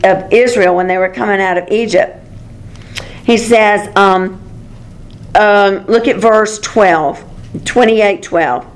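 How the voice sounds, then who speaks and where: A middle-aged woman leading a small-group Bible lesson, talking things through in a conversational way and correcting herself as she goes. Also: mid-range voice. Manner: conversational, self-correcting, warm teaching. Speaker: Bible study teacher.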